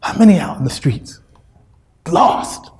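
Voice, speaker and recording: A man's voice: on the high side, lively intonation, measured pace, darkish tone, roomy sound. A man with an American accent preaching a sermon, emphatic and repetitive, with street slang. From United States.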